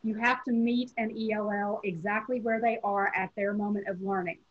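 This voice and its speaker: Husky Southern woman giving a teacher webinar. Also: mid-range voice, steady tone. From Tennessee, USA. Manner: measured, explanatory, addresses teachers directly. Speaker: teacher educator. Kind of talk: webinar lecture. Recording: dull lo-fi webinar audio.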